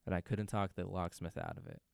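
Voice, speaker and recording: A man's voice: low-pitched, huge pitch swings, a little fast, gravelly, darkish tone, no echo, studio quality. A man casually telling a personal story, loose and profane, peppering his talk with "dude" and "man".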